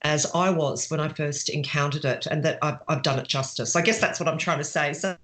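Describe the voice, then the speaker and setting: A woman's voice: low voice, fairly even intonation, brisk, fairly bright tone. A middle-aged woman author answering interview questions in a chatty way, with fillers and restarts. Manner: chatty, with fillers and restarts, laughs while telling stories.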